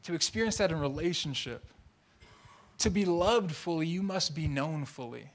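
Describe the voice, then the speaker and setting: A young man preaching a sermon, telling personal stories in a lively, animated way with playful mimicry. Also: fairly high pitch, moderate pace. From Tongan and Mexican heritage. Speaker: pastor.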